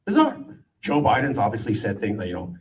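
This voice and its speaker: A man in his forties from California giving an animated, joking political speech to a crowd, with a sarcastic edge. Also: on the low side, fast talker, a little hiss or hum. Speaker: political campaigner speaking to a crowd. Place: event gathering. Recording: voice distant from the mic.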